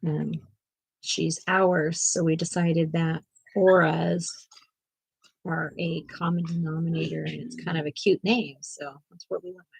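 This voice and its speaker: A woman with a low-set, husky voice chats casually at home, winded and catching her breath between exclamations. The sound is close and dry, with no room around it. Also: flat delivery, measured pace, no room sound, rough recording. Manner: chatty, exclaiming. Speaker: co-host of an art channel. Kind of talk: casual chat.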